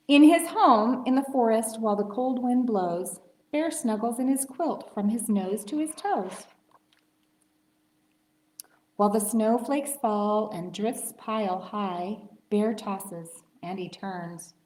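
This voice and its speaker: A woman librarian reading a picture book aloud to children, slow and expressive. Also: a little high. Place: library story time room. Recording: roomy library room.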